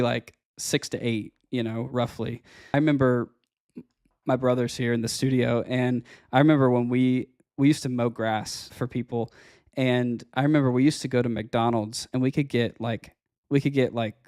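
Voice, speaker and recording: A man in his thirties hosts a podcast in a casual monologue, chatty and self-deprecating, often breaking into a laugh. His voice sits in a middle pitch and is recorded close and dry in a studio, with no room sound. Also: a little mellow, dry recording. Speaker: podcast host and finance advisor.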